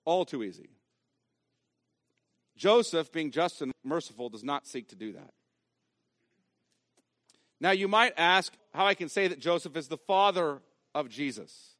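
A man's voice: a little high, lively intonation, a little slow, pauses often, fairly bright tone, no echo, studio quality. A man preaching a sermon as pastor, emphatic and repeating key phrases for weight.

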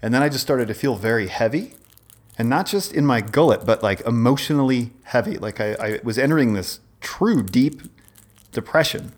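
A forties-aged podcast co-host with a medium-pitched voice and lively intonation speaks at a normal speed. During casual chat he tells a long, wandering story, often stopping mid-thought and restarting.

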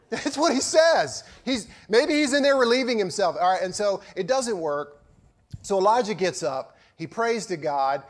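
With a high-pitched, animated voice at a normal speed, a male pastor preaches in a storytelling style. He adds a touch of sarcasm and swings between loud and hushed delivery.

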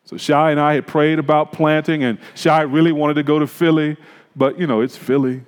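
A pastor preaching a sermon, telling a personal story in a conversational, reflective way. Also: male voice, fairly high pitch, fairly even intonation, brisk, clean tone, long reverb tail.

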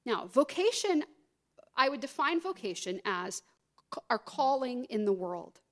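Woman, middle-aged, pastor, sermon, slightly high voice, expressive delivery. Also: measured pace. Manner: expressive preaching, acting out quoted voices with rising pitch.

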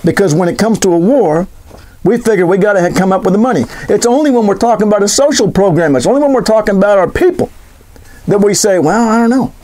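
Brief: male political commentator, high voice, sarcastic and animated. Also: quick pace. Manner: sarcastic, animated, rhetorical questions.

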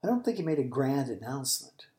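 Mellow-voiced man teaching the Bible. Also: mid-range voice, sing-song, roomy sound. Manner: unhurried, thoughtful, drops to a whisper for quoted lines. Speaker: podcast host and Bible teacher.

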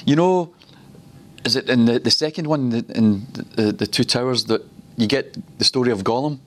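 A mid-range voice belongs to a man from Glasgow, Scotland, who gives a teaching sermon at a ministry school. He tells stories and slows down to repeat words for emphasis.

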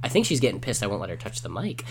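A man's voice: lowish voice, very fast, slightly rough. A man co-hosting a casual chat, joking and acting out lines as he tells stories. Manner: joking and animated, acts out quoted lines.

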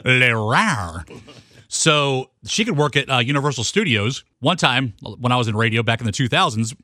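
A man's voice: medium pitch, expressive, pushed and bright, no echo. A man co-hosting a radio show, telling laid-back stories in a studio. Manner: laid-back storyteller, quick laughs. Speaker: radio co-host. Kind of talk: casual radio banter. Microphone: studio mic.

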